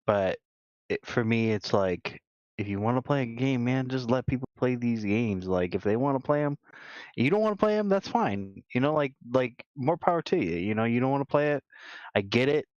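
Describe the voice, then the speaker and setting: A man's voice: medium pitch, expressive, moderate pace, a little mellow, no echo. A man co-hosting a gaming podcast, talking casually in a rambling way, full of restarts and "you know.". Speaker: podcast co-host. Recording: dull lo-fi dry sound.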